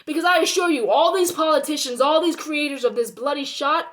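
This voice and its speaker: A young woman with a high voice vents to her viewers in a heated monologue. She swears freely and circles back to the same points. She keeps pressing the audience with rhetorical questions. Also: fairly quick, fairly bright tone. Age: young adult. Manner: heated and indignant, swearing, repeating herself. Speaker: vlogger.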